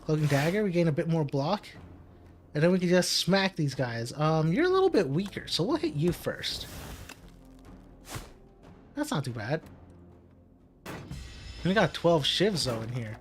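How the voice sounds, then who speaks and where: His voice is on the high side with big swings in pitch, a measured pace, and frequent pauses, while faint music plays behind. A gaming commentator, he offers casual let's-play commentary on his own card game, talking himself through moves, muttering, and laughing at setbacks.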